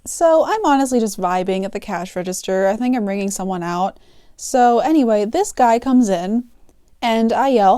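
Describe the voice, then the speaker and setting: A woman's voice: fairly high pitch, animated, normal speed, warm tone, dry recording, clean studio sound. A teenage girl chatting casually through a storytime vlog, giggling and laughing as she talks. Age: teens. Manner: chatty and giggly, often laughing mid-sentence. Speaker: art channel host telling work stories.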